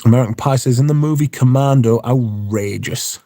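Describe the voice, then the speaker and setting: Male streamer, rambling and sweary, dry close sound, mid-pitched voice. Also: brisk, dark tone, no room sound. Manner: rambling, profane, wry. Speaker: livestream host. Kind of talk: casual chat, reading viewer comments.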